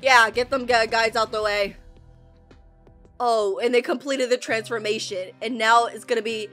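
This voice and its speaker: A woman reacting to an animated video, gasping and crying out at twists and mocking the characters in quick asides. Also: a little high, soft background music.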